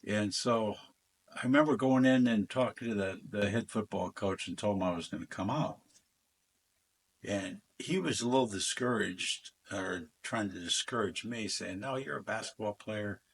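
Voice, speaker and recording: An older man who once played football tells rambling stories in a casual interview, acting out the voices of the people in them and using frequent fillers. His voice is lowish and slightly rough, at a normal speed.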